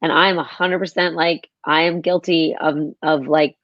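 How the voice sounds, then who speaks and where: A woman's voice: deep voice, steady tone, normal speed, no room sound, lo-fi sound. A woman hosting an interview, affirming her guest and thinking aloud with many restarts. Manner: warmly affirming, rambling with restarts. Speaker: podcast host. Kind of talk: conversational interview.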